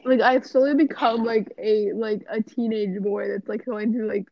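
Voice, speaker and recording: A woman's voice: a little high, steady tone, normal speed, creaky, no room sound. A young woman co-hosting a podcast, chatting casually with lots of filler words, her voice wearing out as she talks. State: voice getting hoarse. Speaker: podcast co-host. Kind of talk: casual chat. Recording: dull lo-fi podcast audio.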